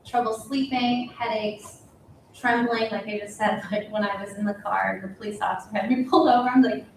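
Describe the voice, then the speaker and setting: A woman's voice: mid-range voice, steady tone, a little fast, background noise. A woman presenting casually to a small group of parents, chatty and rambling, with lots of fillers and easy laughs. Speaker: school presenter at a parent night. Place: school meeting room. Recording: echoey room heard from a distance.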